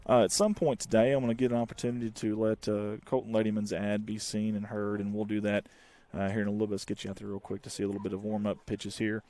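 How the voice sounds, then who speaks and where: A man calling a live high school baseball game by himself, in folksy, chatty play-by-play that jumps up on the big plays. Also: quick pace, hardly any pauses. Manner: folksy one-man commentary, excited calls. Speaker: play-by-play announcer.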